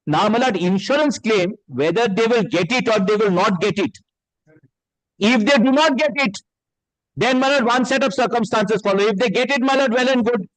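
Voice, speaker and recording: A man's voice: high-pitched, moderate pace, no echo, poor audio. A man with arguing as an advocate in a courtroom, deferentially reading documents aloud to the bench. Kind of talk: courtroom argument.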